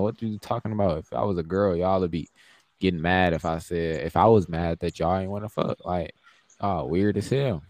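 Low-pitched with noticeable vocal fry, this young man co-hosts a podcast and swaps stories in a casual, profane way. He acts out what people said with lively energy.

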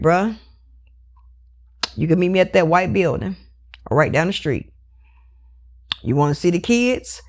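A woman hosts her own podcast and talks straight to her listeners in a loose, unscripted monologue. She is blunt and animated, swears freely, and often drops in "you know". Her voice sits at a middling pitch for a woman. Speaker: podcast host. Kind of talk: casual solo podcast monologue.

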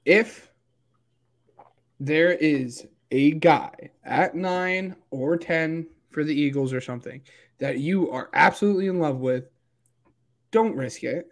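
A man's voice: on the high side, takes it slowly. A young man co-hosting a football podcast, talking casually and hedging his opinions. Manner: hedging, conversational. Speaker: podcast co-host. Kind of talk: casual sports chat.

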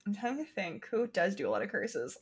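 A woman co-hosting a casual podcast, expressive and blunt, swearing casually in easy chat. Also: medium pitch, brisk, a crowd in the background. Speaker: podcast co-host.

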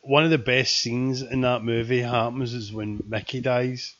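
A man's voice: medium pitch, fairly even intonation, measured pace, fairly bright tone. A man in casual chat, joking and bantering back. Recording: muffled, lo-fi.

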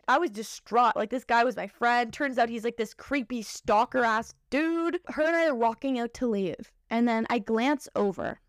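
A young woman hosts a podcast and tells a personal story with animated, emotional, profane delivery. Her voice is high and swoops across a wide range. The sound is dry and close. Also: no room sound. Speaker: podcast host.

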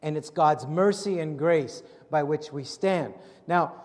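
A man preaching a sermon in an animated way, acting out scenes from the Gospels in different voices. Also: on the high side, takes it slowly. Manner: animated, acts out Bible scenes with shifting voices. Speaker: pastor. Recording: long hall reverb.

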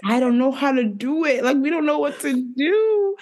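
A woman's voice: sits high, normal speed. A woman co-hosting a home podcast, ranting with exasperation and plenty of swearing while telling a story. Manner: exasperated, profane, animated storytelling. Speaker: podcast co-host. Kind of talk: casual ranting chat. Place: home room with dogs.

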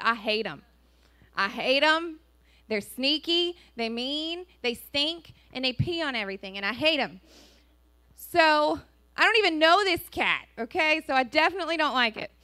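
A high, bright-voiced woman pastor with a drawl preaches from a church stage. She tells stories in an animated way and acts out each person's lines. Her voice is close and dry on the mic. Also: measured pace, no echo. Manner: animated storytelling, acts out dialogue. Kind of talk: sermon with personal story. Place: church sanctuary.

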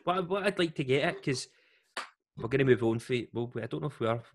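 A Scottish man telling a story in a casual podcast chat, lively and slangy, acting out the voices of the people in it. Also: medium pitch, fast talker, slight background noise.

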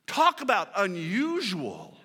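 A male pastor preaching a sermon at a church service, with energetic delivery, repeated words and casual, folksy phrasing. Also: high-pitched, slow, husky. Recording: long hall reverb.

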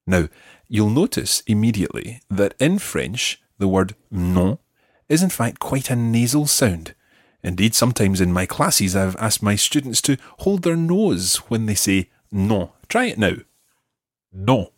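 This is a man hosting a language lesson, with a low and slightly husky voice. His pitch moves a lot as he explains, and he slows down to model words clearly. The recording is close and dry. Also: very animated, no room sound. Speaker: language course host and teacher. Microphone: close studio mic.

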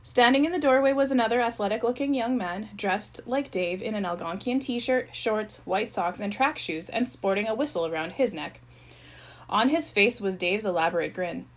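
A woman reading a novel aloud, narrating in an even storytelling voice. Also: medium pitch, moderate pace, low-quality recording. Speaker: reader.

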